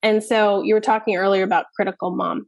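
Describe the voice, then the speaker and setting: A woman's voice: mid-range voice, level tone, quick pace, vocal fry, no room sound. A woman in her thirties, a child therapist, talking casually and candidly in an interview, peppering her speech with "like" and "you know what I mean". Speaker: child therapist and parenting expert.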